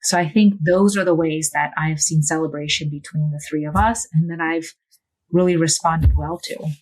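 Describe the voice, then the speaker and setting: A woman's voice: low-pitched, fairly even intonation, normal speed, a little mellow. A woman guest on a podcast speaking earnestly and reflectively in casual conversation.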